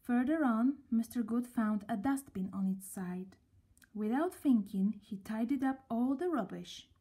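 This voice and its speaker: A woman reading a children's story aloud, gently and at a slow, storybook pace. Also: a little high, expressive, slightly rough.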